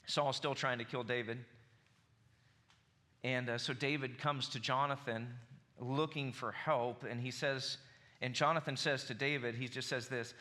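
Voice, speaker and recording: A man's voice: mid-range voice, bright, forceful tone. A man in his forties with a Southern US accent preaching a sermon, conversational and building to emphatic bursts. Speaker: pastor.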